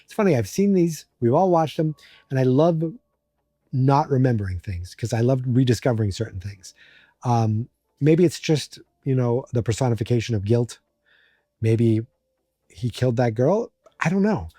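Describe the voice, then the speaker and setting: Mellow, rambling male podcast host. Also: medium pitch, expressive, moderate pace, no room sound, studio quality. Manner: rambling, joking, many fillers. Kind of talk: casual episode recap.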